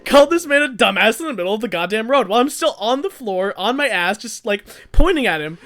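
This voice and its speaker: A young adult podcast co-host telling a rambling, animated story in casual chat, often laughing. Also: mid-range voice, fast.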